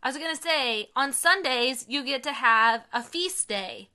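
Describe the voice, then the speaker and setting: Bright, chatty young mother on a podcast. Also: high voice, animated, unhurried, clean tone. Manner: chatty, enthusiastic, many fillers. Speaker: podcast co-host. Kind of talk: casual chat.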